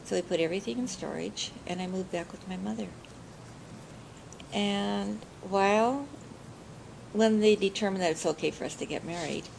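Older woman with a gravelly, low voice. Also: background noise. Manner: chatty, often laughing while recalling. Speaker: interviewee. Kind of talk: oral history storytelling.

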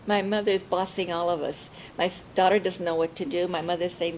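A woman's voice: fairly low pitch, steady tone, moderate pace, darkish tone, slight background noise, low-quality recording. An older woman telling family stories in an oral history interview, chatty and laughing often.

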